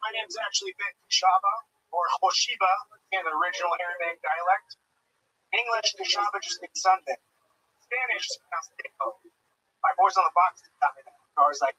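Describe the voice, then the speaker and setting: A man does stand-up in an offhand, joking way, his voice high and very bright. He sounds far from the mic, with dull, lo-fi sound. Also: normal speed. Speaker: comedian. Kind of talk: stand-up and crowd work. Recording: distant mic, dull lo-fi sound, faint noise.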